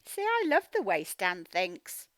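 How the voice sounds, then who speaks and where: A woman teaching phonics to young children, reading a picture book aloud and slowly sounding out each word. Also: mid-range voice, dry recording. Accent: Australian. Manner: slow, sounding out words, expressive storybook reading.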